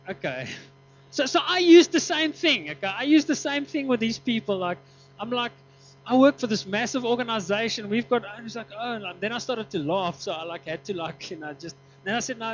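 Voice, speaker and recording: A high-voiced man preaches to his congregation, telling a story and acting out each person in it. He laughs often as he talks. The recording is dull and lo-fi, with a faint mains hum underneath. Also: brisk. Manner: animated, acts out quoted dialogue, laughs often. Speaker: pastor. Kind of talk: sermon with storytelling.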